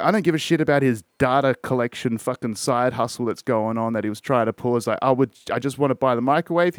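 A man's voice: medium pitch, no room sound, studio quality. An Australian man telling a rambling, profane story in a casual podcast chat. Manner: profane, rambling, self-interrupting. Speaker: podcast host.

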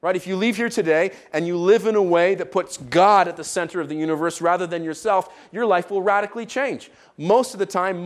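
Emphatic male pastor preaching. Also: high voice. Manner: emphatic, repeats key points, asks "right?". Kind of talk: sermon.

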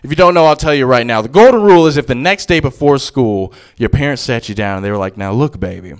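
A man's voice: medium pitch, lively intonation, fast talker, clean tone. A young man doing a stand-up comedy set on a club stage, telling brash, profane stories into a handheld mic.

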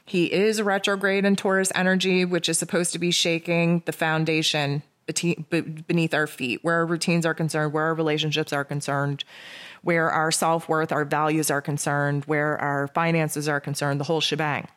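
A woman's voice: low voice, level tone, moderate pace. A woman giving an astrology forecast in a loose, casual monologue, often sarcastic and mocking herself, stringing together lists of near-synonyms.

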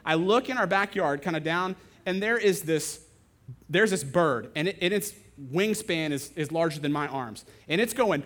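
Animated man preaching a sermon. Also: a little high, moderate pace. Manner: animated storytelling, acting out other voices. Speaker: pastor.

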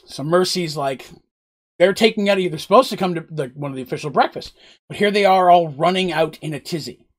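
A man's voice: on the high side, brisk. A man narrating a tabletop role-playing game as game master, in a loose, rambling way with frequent asides.

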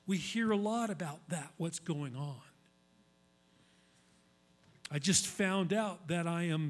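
A male pastor giving a sermon in a conversational, emphatic style, repeating key phrases for weight. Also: high voice.

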